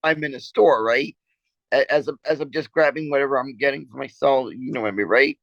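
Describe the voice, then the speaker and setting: A man's voice: medium pitch, vocal fry, fairly bright tone, dry recording. Male co-host, casual chat; stumbles and repeats himself, laughs through his stories, dry dull lo-fi sound. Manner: rambling, halting storytelling with many repeated words; laughs often while talking. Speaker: podcast co-host.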